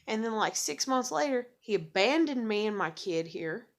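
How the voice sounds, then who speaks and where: A woman's voice: fairly high pitch, animated, moderate pace, hardly any pauses. Swearing, bitter woman ranting to camera. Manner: heavy swearing, bitter and blunt; repeats and restarts words when agitated. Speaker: vlogger. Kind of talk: angry ranting monologue to camera.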